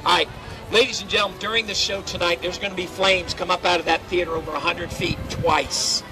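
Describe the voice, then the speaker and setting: Loud, joking man warming up an outdoor crowd. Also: sits high, fairly even intonation, brisk, music in the background, rough recording. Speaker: theme park crowd-control cast member. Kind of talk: pre-show crowd warm-up storytelling. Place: outdoors at a theme park show area. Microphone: handheld voice amplifier.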